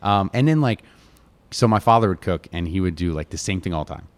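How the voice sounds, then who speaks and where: A man from Connecticut talks quickly in a low voice. He is a chef and restaurant owner telling family stories in a casual interview. He is animated, mimics his relatives, and scatters "like" everywhere. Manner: animated, quotes family members, heavy use of "like".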